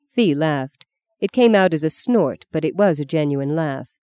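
Woman narrator, audiobook, low mellow voice, dry close sound, measured reading. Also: animated, smooth, no room sound. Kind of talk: scripted narration.

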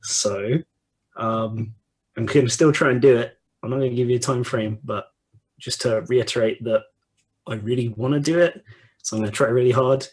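A man's voice: mid-range voice, fairly even intonation, moderate pace, husky, low-quality recording. A man who plays in a tabletop game, talking casually and a bit hesitantly, in a self-deprecating way. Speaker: player. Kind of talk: casual chat.

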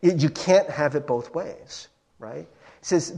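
A man's voice: fairly high pitch, measured pace. A male pastor giving a casual, joking sermon, talking straight to the congregation. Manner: animated, joking, addresses listeners as friends and guys. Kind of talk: conversational sermon.

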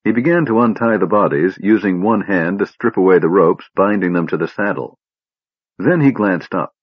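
A man narrating a fantasy audiobook in a measured, steady reading. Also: low-pitched, husky, dry recording, lo-fi sound. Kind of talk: scripted narration.

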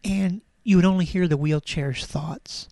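Slow-talking woman co-host, dry and close. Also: lowish voice, dark tone, no echo. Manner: giggly, chatty. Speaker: podcast co-host. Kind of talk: casual chat.

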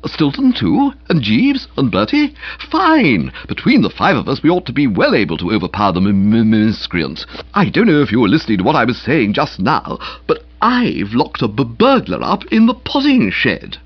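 A man's voice: a little high, wildly swooping pitch, normal speed, husky, dry recording, heavily acted. A man doing a smug stammering young toff. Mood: pompous, eager. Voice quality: stammering on first sounds. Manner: patronizing and full of himself. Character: pompous, self-satisfied young man with a stammer. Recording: dull, slightly muffled.

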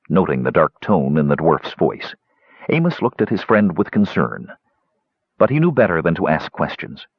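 A man with a low, husky voice narrates a fantasy novel in measured storytelling. His pitch moves expressively through the lines. The recording sounds dull and dry. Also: big pitch swings, no room sound. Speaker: audiobook narrator. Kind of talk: scripted narration.

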